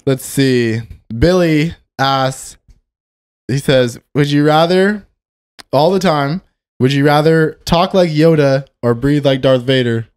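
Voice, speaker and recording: A man's voice: fairly high pitch, slow pace, clear, resonant tone. Laid-back Californian man reading questions. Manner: relaxed, reads out fan questions. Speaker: podcast co-host. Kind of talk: casual chat.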